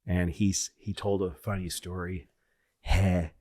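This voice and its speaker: A man hosting a podcast, casually telling a long story and acting out the people he quotes in excited, higher voices. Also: unhurried. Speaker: podcast host.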